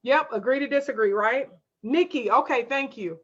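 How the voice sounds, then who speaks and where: A fairly high-voiced woman hosts a casual livestream from her desk, reading out viewer comments and speaking straight to her audience. Her delivery is emphatic and folksy, and the audio sounds a little dull and lo-fi. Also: normal speed, a bit bright, slightly rough. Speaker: homeschool livestream host.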